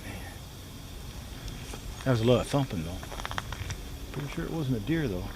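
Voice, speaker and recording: A man casually chatting to the camera at a campsite in the woods, rambling and repeating himself in a relaxed way. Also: mid-range voice, moderate pace. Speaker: outdoor vlogger. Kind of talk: casual solo camping vlog. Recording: outdoor recording with steady background noise.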